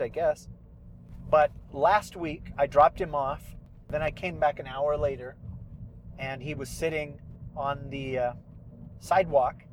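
A man's voice: a little high, slight background noise. A middle-aged man hosting a podcast, talking casually and rambling with self-deprecating asides, from a parked car. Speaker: podcast host and fiction writer. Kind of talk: casual solo monologue.

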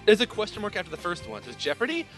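Male quiz host, a touch high and very bright in tone, playful and chatty, faint music underneath. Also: very animated, rapid-fire. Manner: explains rules with frequent laughs. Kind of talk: playful game-show hosting.

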